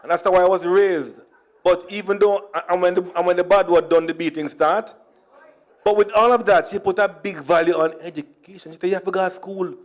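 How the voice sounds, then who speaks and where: His high-pitched voice keeps a steady tone and moves fairly quickly. He's a middle-aged Jamaican conference speaker with a Jamaican accent, delivering comic stories, slipping from Creole into standard English and back, and laughing at his own jokes.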